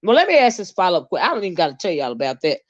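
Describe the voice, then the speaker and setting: A woman hosting a live stream, ranting at her viewers in a heated, profane way, flaring into loud outbursts and dropping to low muttered asides. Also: sing-song, very fast, no echo, highs cut off.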